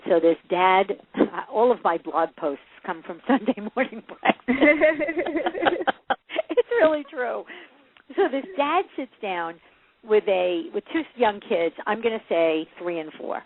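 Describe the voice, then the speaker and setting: Woman, parenting coach guest, animated storyteller, laughs a lot, tinny phone-line sound. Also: mid-range voice, slow pace. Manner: lively storyteller who acts out quoted voices and laughs often. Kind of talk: casual interview chat.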